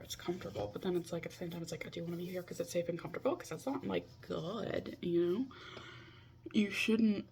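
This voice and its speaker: Over a video call, a woman in her twenties vlogs a chatty confessional, teasing and scolding herself throughout. Her lowish voice is gravelly and a little mellow, with a bit of hiss or hum.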